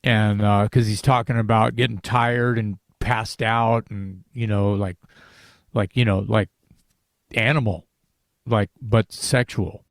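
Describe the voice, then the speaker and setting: A man's voice: lowish voice, steady tone, takes it slowly, no echo, studio quality. A man in a casual podcast discussion about an album, talking in rambling sentences with many restarts and fillers.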